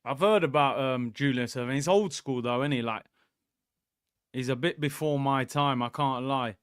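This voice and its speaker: A young man hosting a live football watchalong, reacting excitably and joking with viewers. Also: mid-range voice, moderate pace, clean tone, dry recording, studio quality. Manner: excitable, jokey banter with viewers. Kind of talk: live match watchalong commentary.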